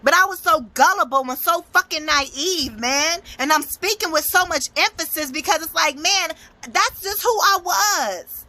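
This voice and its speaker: Bright, high-voiced emphatic woman. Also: moderate pace, few pauses, no echo. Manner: emphatic, profane, preachy. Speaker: motivational speaker and tarot reader. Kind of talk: blunt motivational tarot talk.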